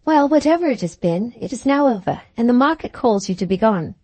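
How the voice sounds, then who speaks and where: A woman reading a wealthy, eager young woman in an audiobook, in a lively, coaxing manner, with her voice lifted above her own. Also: a little high, brisk, no room sound.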